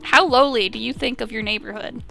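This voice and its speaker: A woman's voice: on the high side, a little fast, creaky, bright, forceful tone, faint music behind. A young woman with a Southern US accent, chatting casually and laughing often while playing a game. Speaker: let's play streamer.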